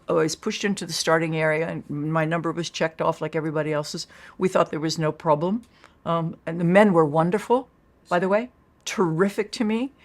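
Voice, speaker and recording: An older woman as an interview guest, telling her own story in a lively way and acting out the voices she quotes. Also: low-pitched.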